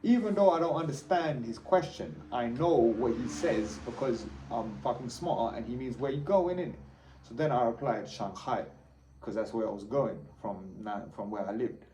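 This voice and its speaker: A man's voice: mid-range voice, normal speed, mellow. A man with a London accent talking casually to camera as a travel vlogger, rambling, boastful and swearing freely, a little tired. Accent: London English. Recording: roomy echo, faint background hum.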